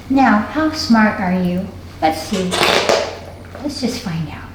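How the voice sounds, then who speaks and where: A woman dog trainer giving a hands-on lesson, explaining calmly and coaxing the dog with upbeat praise. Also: medium pitch, slow. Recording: distant, echoey, faint noise.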